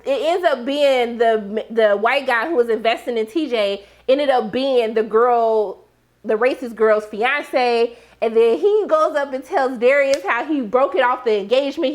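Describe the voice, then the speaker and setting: Sassy lady w a high voice recapping a tv episode, AAVE slang, hypes up her viewers. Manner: animated, sassy, talks straight to viewers with slang. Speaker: TV recap host.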